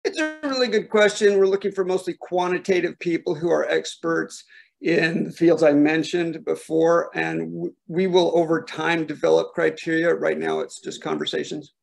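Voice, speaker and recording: Gravelly man answering questions. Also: a little high, steady tone, normal speed. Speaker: startup founder taking questions. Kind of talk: online Q&A. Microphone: video call.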